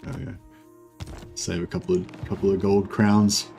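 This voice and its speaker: A man's voice: low-pitched, little pitch movement, moderate pace, vocal fry, dark tone. A man streaming a strategy game, thinking aloud in hesitant, casual commentary and swearing now and then. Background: faint game music.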